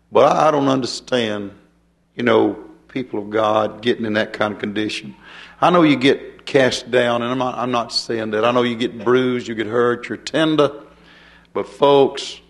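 An older man preaching a folksy sermon, chuckling and turning to the congregation with asides. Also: mid-range voice.

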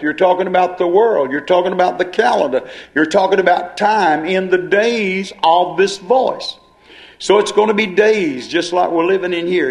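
A male preacher delivering a sermon, dwelling on and repeating key phrases as he explains scripture. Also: high-pitched.

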